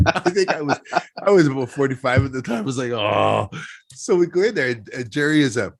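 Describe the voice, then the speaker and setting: A man's voice: medium pitch, expressive, a little fast, dry recording, clean studio sound. A middle-aged man from Texas, a trapper guest telling rambling stories in casual chat, laughing often. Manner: rambling anecdotes, frequent laughter, restarts.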